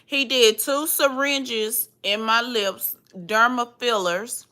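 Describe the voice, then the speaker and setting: Give me a young woman telling a story to her viewers, a bit high-pitched, lively and slangy. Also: slow pace. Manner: animated storytelling, laughs and squeals loudly; slangy, calls viewers y'all and cousin. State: swollen face after surgery. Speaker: vlogger. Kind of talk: casual chat to viewers.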